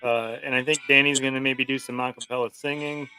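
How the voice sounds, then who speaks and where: A man co-hosting a casual podcast livestream, joking and protesting loudly. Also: mid-range voice, flat delivery, brisk, faint music behind, poor audio. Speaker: podcast co-host.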